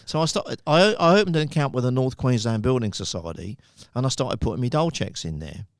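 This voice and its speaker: A man's voice: medium pitch, lively intonation, fairly quick, no echo, studio quality. A man in his sixties from the United Kingdom, a podcast guest telling long, rambling anecdotes with frequent chuckles. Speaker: podcast guest, company founder. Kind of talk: casual storytelling.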